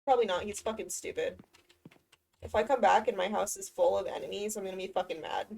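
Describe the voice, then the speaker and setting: A woman's voice: medium pitch, quick pace, gravelly, a little mellow, far from the mic. A woman streamer talking to herself during a game, swearing often and easily exasperated. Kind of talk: casual gameplay commentary.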